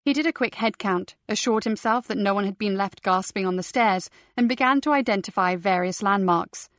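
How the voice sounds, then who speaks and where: A woman narrating a crime novel audiobook in a steady, measured reading. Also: mid-range voice, dry recording. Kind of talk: scripted narration.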